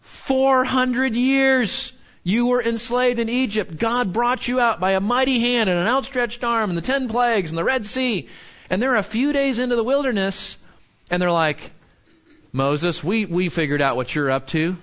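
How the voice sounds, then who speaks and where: A man preaching a sermon in an animated way, asking the listeners questions and acting out quotes. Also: extremely high pitch, moderate pace, clean tone. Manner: animated, full of rhetorical questions, acts out quotes. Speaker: pastor. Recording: dull lo-fi sound.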